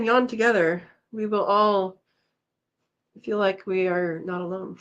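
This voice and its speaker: A woman's voice: medium pitch, steady tone, unhurried, a bit bright. Tired, chatty woman hosting a live chat. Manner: chatty, laughs often, tired, reads comments aloud. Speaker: livestream host reading viewer comments. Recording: slightly dull lo-fi audio.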